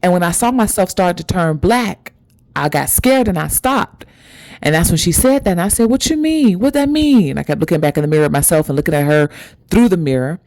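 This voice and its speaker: A woman's voice: lowish voice, expressive, brisk, a little mellow, no echo, studio quality. A woman hosting a spiritual vlog who talks to her viewers in an intimate, conversational way and calls them y'all. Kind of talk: spiritual motivational talk.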